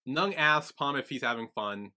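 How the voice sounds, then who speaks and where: A man co-hosting a podcast, recapping in a casual, lively way and acting out characters' lines as he goes. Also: mid-range voice, normal speed. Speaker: podcast co-host.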